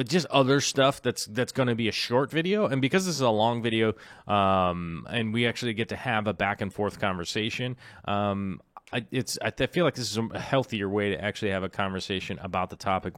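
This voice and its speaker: A man's voice: on the low side, a bit bright, no echo, studio quality. A middle-aged man hosting a live stream, chatting casually and rambling with lots of fillers and jokes. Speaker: livestream host.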